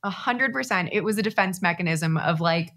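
A woman guest on a podcast, telling a personal story in a casual, animated way and acting out her own past thoughts. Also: on the low side, fairly quick.

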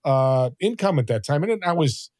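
A man in his sixties, a podcast guest telling stories in a lively conversational way and acting out the voices of people he quotes. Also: fairly high pitch, normal speed, dry recording, clean studio sound. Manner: animated, acts out quoted voices. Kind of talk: conversational storytelling.

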